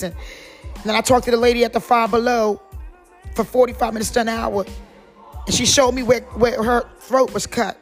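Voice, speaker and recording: A woman from North Carolina talks about her faith on her podcast, long-winded and rambling. She is in her forties and keeps circling back with "you know what I'm saying." Soft music plays quietly underneath. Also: a little high, steady tone, moderate pace, long pauses. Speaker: podcast host. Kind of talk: casual faith talk.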